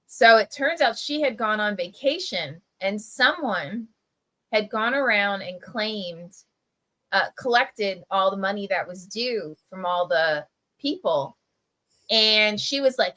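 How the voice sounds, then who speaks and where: A middle-aged woman tells a story over a video call livestream. Her voice is bright and forward, at a middling pitch. She talks in a loose, chatty way and fills her sentences with "like", "you know" and "right?". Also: lively intonation, slow pace, poor audio. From Camden, New Jersey. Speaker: press editor.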